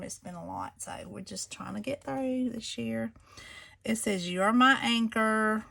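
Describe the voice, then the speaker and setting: Chatty woman for a crafting vlog, gushing, with a gravelly fry in the voice. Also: medium pitch, fairly bright tone. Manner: gushing, chatty, addresses viewers as y'all. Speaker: craft seller showing planners. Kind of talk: casual show-and-tell vlog.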